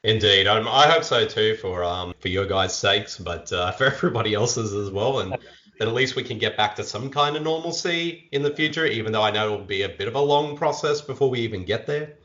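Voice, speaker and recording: A man's voice: on the low side, fairly quick, a bit bright, dull audio. An Australian man hosting a casual podcast chat, upbeat and talkative, often restarting his sentences. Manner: upbeat, chatty, frequent restarts and fillers. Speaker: podcast host.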